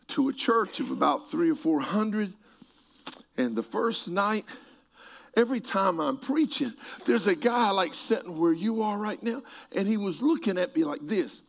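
A middle-aged man preaching a sermon and telling stories, moving between quiet passages and shouted peaks. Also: high-pitched, animated, unhurried, creaky. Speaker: pastor. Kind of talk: sermon storytelling.

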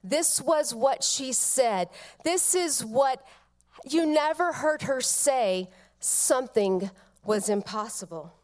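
A middle-aged woman giving a funeral eulogy, telling family stories tenderly with soft pauses. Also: high-pitched, animated. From Georgia, United States.

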